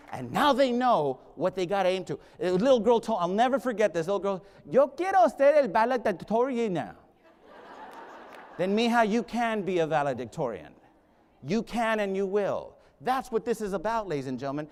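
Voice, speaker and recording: Animated middle-aged man rallying a hall. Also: high voice. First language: Spanish. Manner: animated, rallying the crowd, storytelling. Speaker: school leader, conference keynote speaker. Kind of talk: keynote speech. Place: large conference hall. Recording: echoing hall reverb.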